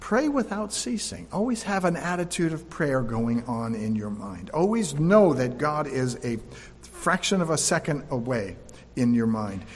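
A man's voice: on the high side, big pitch swings, a little slow, slight background noise. A man preaching a sermon, reading verses aloud and then explaining them in plain conversational asides. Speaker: pastor. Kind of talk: sermon, scripture reading with commentary. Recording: echoey hall with long reverb.

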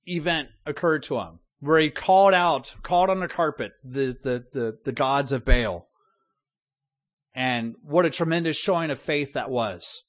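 A man's voice: a little high, a bit bright. Man preaching in a conversational tone. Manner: conversational, with asides and restarts. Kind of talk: sermon.

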